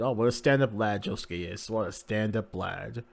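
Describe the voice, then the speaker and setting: A man's voice: fairly low pitch, moderate pace, creaky, hardly any pauses. A man hosting a live manga reaction, narrating the pages casually and crudely with many fillers.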